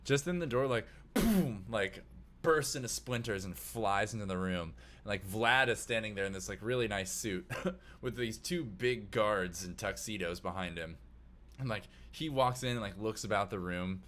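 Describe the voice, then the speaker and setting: A man's voice: lowish voice, moderate pace, fairly bright tone. A man narrating a tabletop game as game master, casual, with many fillers.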